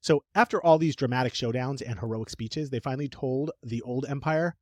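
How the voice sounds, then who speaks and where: A man co-hosting a casual podcast, telling history as jokey, animated stories. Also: medium pitch, fairly quick, hardly any pauses, dry recording, clean studio sound. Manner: jokey, animated storytelling with playful put-on voices. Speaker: podcast co-host.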